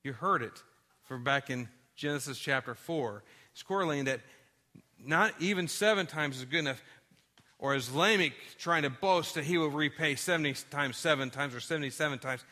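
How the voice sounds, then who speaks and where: A man preaching a sermon and telling a personal story in an animated way, dropping quiet for the sad parts. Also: mid-range voice, moderate pace. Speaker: pastor.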